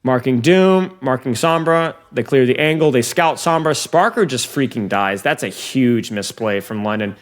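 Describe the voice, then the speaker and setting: A man coaching viewers through a match review in casual commentary, talking straight to them and getting excitable when plays swing. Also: mid-range voice, moderate pace, few pauses.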